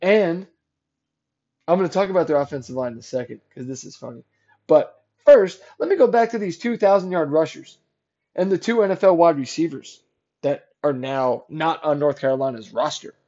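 Man, high voice, sarcastic heated podcast rant, dull lo-fi sound. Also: normal speed. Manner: ranting, sarcastic, gets loud and heated. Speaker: podcast host. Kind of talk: solo sports podcast rant.

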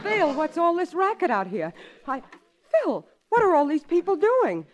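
A woman's voice: extremely high pitch, big pitch swings, moderate pace, a little hiss or hum. A woman playing an indignant, scolding, exasperated young wife in a 1940s radio sitcom.

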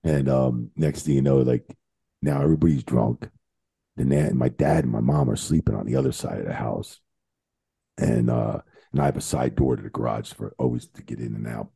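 A man's voice: moderate pace, dark tone. A middle-aged man telling a road story on a podcast in a rambling style, with plenty of swearing. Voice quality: very deep gravelly voice. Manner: profane, rambling, lots of swearing. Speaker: guest, retired referee. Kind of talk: casual storytelling.

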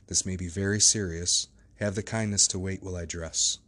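A man reading the lines of a solemn, grave older lawyer in a measured, formal way, close to his own narrating voice. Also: deep voice, steady tone, pushed and bright.

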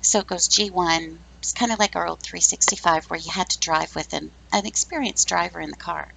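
Blunt woman in her fifties, gravelly. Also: on the low side, a little fast, bright, forceful tone, slight background noise, rough recording. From Canada. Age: 50s. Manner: blunt, sarcastic, chatty. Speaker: podcast host. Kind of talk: casual opinion monologue.

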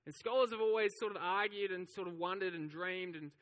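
A man's voice: high voice, fairly quick, a bit bright, in a large hall. A man preaching a sermon, telling the story with animation and acting out the voices of the crowd. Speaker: pastor.

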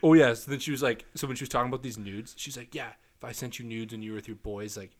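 A young man, co-hosting a casual podcast, telling crude stories with lots of swearing. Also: fast talker. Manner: animated storytelling, swears a lot, quotes texts in a lowered voice. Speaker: podcast co-host. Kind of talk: casual chat.

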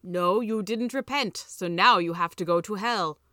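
A woman voicing a stern angel guarding heaven's gates who speaks in a slow, grave, commanding way. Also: medium pitch, pushed and bright, dry recording, clean studio sound.

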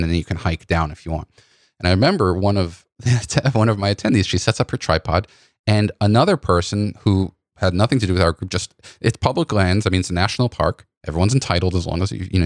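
A man hosting a podcast about photography workshops, telling stories in an animated way with many restarts. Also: sits low, no echo, clean studio sound. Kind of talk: casual conversational storytelling.

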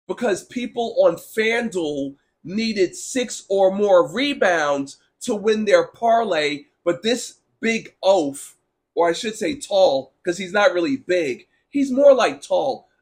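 A man's voice: high voice, lively intonation, a little slow. A man hosting a casual sports talk stream, ranting bluntly and sarcastically while answering chat, with a sore throat. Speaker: sports talk show host.

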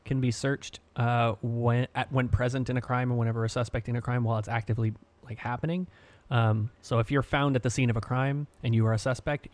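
A man hosting a casual home podcast, relaxed and halting, often restarting his sentences. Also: mid-range voice. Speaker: podcast host. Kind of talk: casual chat.

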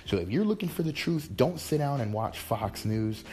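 A man's voice: mid-range voice, animated, moderate pace, a little mellow, slight background noise. A man in a rambling, exasperated monologue, often restarting his sentences. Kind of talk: casual ranting monologue.

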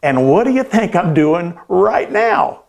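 A man playing a contented fisherman who asks quiet, gentle questions. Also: high-pitched, sing-song, a little slow, vocal fry, heavily acted. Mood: calm. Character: calm, contented fisherman, smiling and unhurried.

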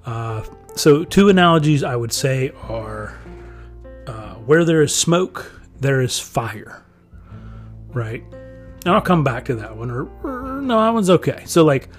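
A man holds forth in a loose, rambling monologue at a middle pitch, laughing lightly between thoughts. Soft music sits faintly underneath his talk. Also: big pitch swings, measured pace. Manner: rambling and conversational, with frequent chuckles. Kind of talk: casual monologue.

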